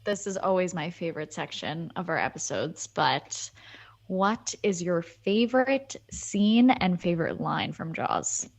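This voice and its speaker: A woman's voice: on the low side, unhurried. A woman co-hosting a podcast, chatting casually and asking her guest questions. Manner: conversational, asks questions. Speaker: co-host.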